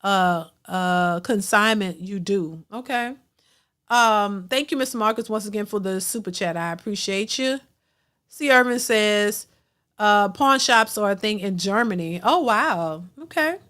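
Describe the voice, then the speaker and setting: A woman's voice: unhurried, a bit bright. A woman hosting a reaction stream, reading out super chats and commenting casually, with frequent fillers and repeated words. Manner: repeats words, many fillers, rises high when emphatic. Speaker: reaction channel host.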